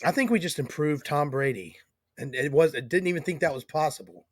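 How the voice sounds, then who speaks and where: Male podcast host, somewhat high voice, dry close sound, profane banter. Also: a little fast, dry recording. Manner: profane, joking. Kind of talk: casual chat.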